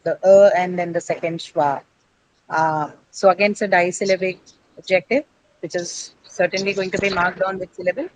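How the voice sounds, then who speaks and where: A woman teaches an English pronunciation lesson, patiently explaining, asking the class questions and then answering them herself, frequently checking in with "right?". Her voice is fairly low and fairly even at a normal speed, on a rough recording with slight background noise.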